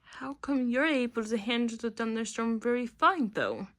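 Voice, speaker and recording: A woman's voice: on the high side, moderate pace, a bit bright, pitched below the performer's own voice, close to an everyday voice. A woman voicing a small, frightened child in a homemade cartoon, talking in a fretful, stammering way. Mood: worried. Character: small scared child, Nina.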